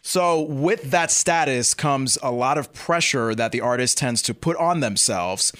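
A man's voice: mid-range voice, unhurried, fairly bright tone. A man hosting a casual celebrity gossip chat, teasing his co-host in a playful, hesitant way. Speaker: podcast host.

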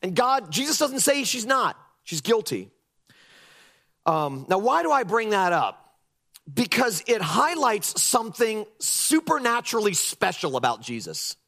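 Preaching at a measured pace in a high-sitting voice, a man delivers a lively sermon. He mimics critics mockingly and pushes his points with emphasis.

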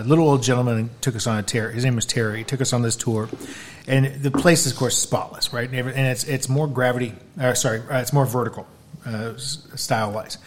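A man in casual talk, telling a story with energy, his voice rising and falling as he acts out the other people in it. He speaks at an ordinary middle pitch. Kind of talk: casual chat.

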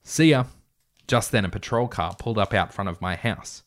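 A man's voice: low voice, fairly quick, a bit bright. Man, reading a story aloud, wry asides, joking, casual. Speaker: reader of his own story.

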